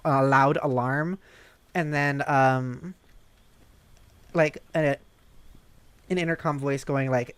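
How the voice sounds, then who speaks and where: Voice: mid-range voice, fairly even intonation, takes it slowly, long pauses, a bit bright, clean tone, no room sound. A VTuber streamer chatting casually while gaming, chatty and a bit self-conscious.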